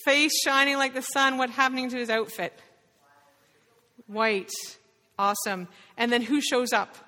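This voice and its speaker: A woman leading an interactive Bible lesson, quizzing the group with quick questions. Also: a little high, steady tone, pushed and bright. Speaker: Bible study leader. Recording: reverberant hall.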